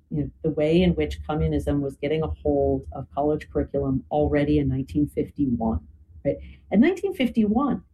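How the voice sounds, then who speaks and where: A woman's voice: on the low side, warm tone, slight background noise, poor audio. A woman explaining history in a conversational talk, often adding "you know" and "right?". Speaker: guest speaker.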